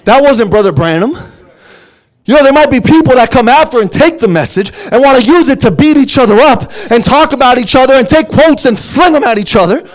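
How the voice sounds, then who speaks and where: A man preaching a sermon, emphatic, dropping to hushed asides and then rising to loud exclamations. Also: very high voice, lively intonation, fairly quick.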